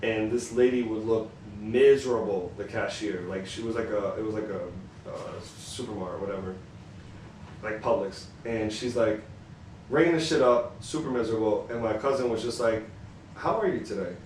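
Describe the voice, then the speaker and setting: A man's voice: lowish voice, normal speed. A man co-hosting a podcast, asking questions and telling stories casually, with a teasing edge. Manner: teasing, lively retelling. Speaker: podcast co-host. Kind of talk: casual chat and storytelling. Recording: echoey room, mic at a distance, faint hiss.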